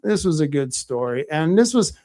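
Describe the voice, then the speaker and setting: A man's voice: sing-song, moderate pace. A man hosting a live-streamed podcast, ranting angrily and swearing, reading out chat comments as he goes. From Oregon, United States. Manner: angry ranting, swearing, rising loud and high when worked up. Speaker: podcast host.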